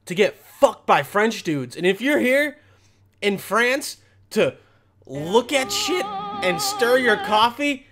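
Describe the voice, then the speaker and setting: A man's voice: very high voice, big pitch swings, slow pace, pushed and bright. A young man hosting comedic reaction commentary, rambling crudely in a mock-outraged way. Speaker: commentary host.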